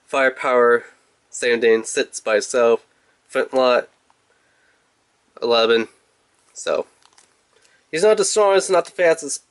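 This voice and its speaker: A man's voice: mid-range voice, measured pace, long pauses. A man casually reviewing a toy in a rambling, playful, chatty way.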